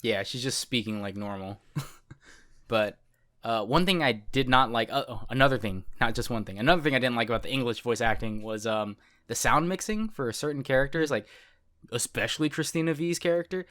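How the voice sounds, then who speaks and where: A man's voice: mid-range voice, fairly quick, fairly bright tone. A man co-hosting a podcast in casual chat, rambling and correcting himself, laughing often. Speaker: podcast co-host.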